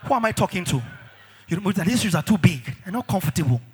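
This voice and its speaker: A man preaching a sermon in an animated way, shouting at times, dropping low at others, and repeating phrases for emphasis. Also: rapid-fire, husky.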